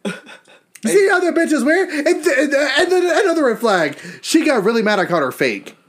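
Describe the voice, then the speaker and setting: A man's voice: extremely high pitch, big pitch swings, a little fast, a bit bright. A man co-hosting a casual podcast, gossiping and swearing freely and laughing through his stories. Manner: gossipy, profane, laughs while telling stories. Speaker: podcast co-host. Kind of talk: casual chat.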